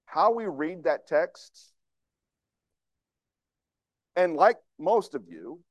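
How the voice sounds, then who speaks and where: A man with a high voice preaches a sermon, talking to the congregation in a conversational way and putting questions to them. The sound is dry and close, with little room echo. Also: big pitch swings, very slow, muffled recording. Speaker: pastor.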